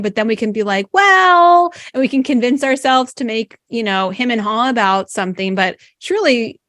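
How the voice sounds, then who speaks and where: A woman's voice: medium pitch, fairly bright tone, no room sound, studio quality. A woman guest on a podcast, chatting casually, telling stories and asking questions. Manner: chatty, storytelling, asks questions. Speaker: podcast guest, also a podcast host. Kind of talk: casual interview chat.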